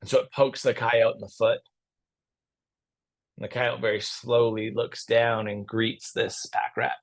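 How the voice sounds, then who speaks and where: A man leading a yoga class, guiding gently and telling a story between poses. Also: medium pitch, flat delivery, measured pace. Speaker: yoga teacher.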